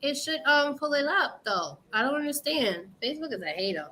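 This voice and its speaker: Loud, laughing woman livestream host. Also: high voice, big pitch swings, brisk, slight background noise. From New York. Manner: loud, laughing, profane banter. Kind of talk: casual livestream chat. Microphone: livestream setup, video call.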